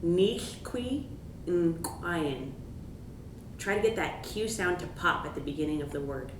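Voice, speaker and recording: A woman giving a pronunciation lesson, patiently repeating words slowly for the listener to copy. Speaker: language teacher. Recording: echoey room, distant mic, background rumble.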